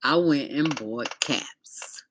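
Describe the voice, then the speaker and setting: A woman's voice: a bass voice, very slow, background noise. A middle-aged woman vlogger telling a casual story, chatty and speaking straight to her viewers, sometimes eating as she talks.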